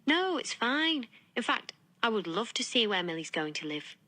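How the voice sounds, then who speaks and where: A woman voicing a kindly Irish woman teacher with a soft Irish accent in an audiobook. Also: fairly high pitch, sing-song, normal speed, exaggerated voice. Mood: obliging. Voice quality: soft, gentle.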